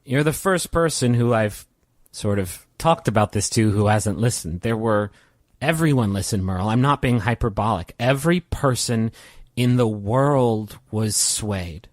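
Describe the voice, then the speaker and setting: A man voicing a quiet, unsettlingly polite male leader of a world-devouring force in a tabletop role-play podcast. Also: lowish voice, unhurried, no echo, natural voice. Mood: calm menace. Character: calm, menacing male leader of a cosmic hunger. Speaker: game master.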